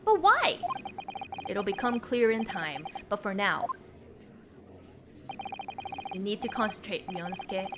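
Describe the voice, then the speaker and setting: A woman's voice: medium pitch, big pitch swings, slow, long pauses, very noisy. A young woman streaming a game, reading its dialogue aloud in several voices and reacting with playful giggles. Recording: music playing behind the voice.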